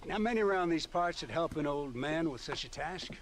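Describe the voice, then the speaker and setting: An actor playing a lonely, doting old rancher in a western video game, talking in a folksy, gentle way. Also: male voice, fairly high pitch, lively intonation, a little fast, a crowd in the background, lightly acted.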